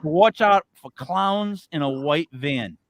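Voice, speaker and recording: A man hosting a casual paranormal talk show, excitable and stammering as he jumps between ideas. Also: on the high side, slow pace, no room sound. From Italian-American. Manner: excitable, stammers and repeats words. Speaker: podcast host. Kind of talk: casual chat.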